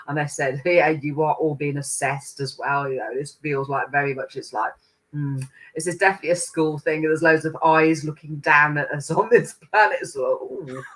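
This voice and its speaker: A woman's voice: low-pitched, steady tone, normal speed, fairly bright tone. A woman channeling spirit guides, rambling and laughing often, now and then slipping into chanted light-language syllables.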